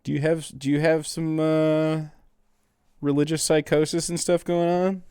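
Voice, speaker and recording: A man's voice: on the high side, level tone, a little slow, warm tone, smooth, no room sound, studio quality. A man streaming, reacting to videos and mocking chat in a sarcastic, profane casual chat.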